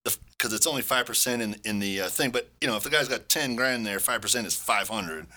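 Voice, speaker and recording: A man's voice: on the low side, quick pace, sharp tone. A man co-hosting a casual gaming podcast from a home basement, talking in a rambling, self-correcting way. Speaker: podcast host. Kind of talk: casual chat.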